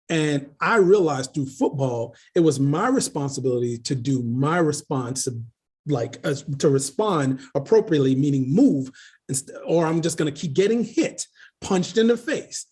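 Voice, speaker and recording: A middle-aged man, a leadership coach telling lively stories in an interview, laughing often and repeating phrases. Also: fairly high pitch, husky. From Queens, New York. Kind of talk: casual storytelling interview.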